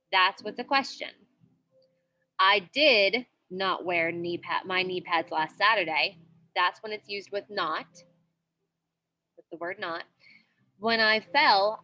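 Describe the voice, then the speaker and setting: A woman teacher walking students through a worksheet, often checking in with "okay?" and slowing down to read example sentences. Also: medium pitch, bright, forceful tone. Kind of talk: recorded worksheet walkthrough.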